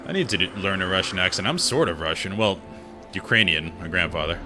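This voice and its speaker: A man's voice: low voice, expressive, fairly quick. A gaming streamer, a man, chatting casually and opinionatedly while he plays. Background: game music.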